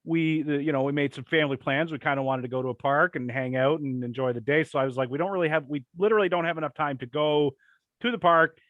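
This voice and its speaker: A young man co-hosting a podcast, telling rambling crude stories and doing quick impressions in casual comedic chat. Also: fairly high pitch, no room sound, phone-quality sound. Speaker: podcast co-host.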